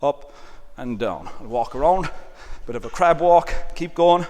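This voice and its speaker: A man leading an exercise class, calmly cueing breaths and counting reps, with "all right" again and again. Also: on the high side, unhurried. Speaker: exercise instructor. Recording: long reverb, faint background noise.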